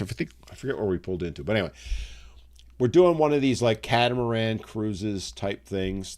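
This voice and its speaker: A middle-aged man with a somewhat low voice talks casually, going off on little side stories as he answers viewer comments on a live show. His talk is loose and conversational, full of asides. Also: darkish tone. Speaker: live show host reading viewer chat. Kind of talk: casual live-stream chat.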